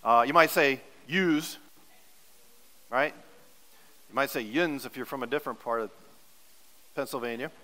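A man's voice: medium pitch, fairly even intonation, brisk, long pauses, bright, forceful tone, big-room sound, low-quality recording. A male pastor preaching a sermon in an earnest, teacherly way, leaning hard on repeated words for emphasis.

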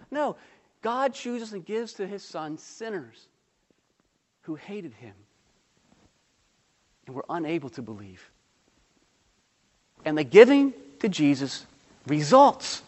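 A male pastor preaches a sermon emphatically, peppering the congregation with rhetorical questions and dropping light humorous asides. His voice is on the high side, with a long reverb tail.

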